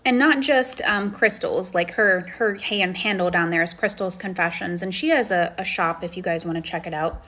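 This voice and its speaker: A woman's voice: lowish voice, normal speed, hardly any pauses, fairly bright tone. A woman coaching and chatting on a phone live stream, effusive and encouraging as she answers comments. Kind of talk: casual live-stream chat, reading comments.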